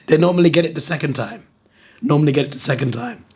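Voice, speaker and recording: A hoarse man hosting a casual vlog to camera through a sore throat, often laughing at himself. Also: fairly high pitch, fast talker. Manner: self-deprecating and laughing often. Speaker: video host.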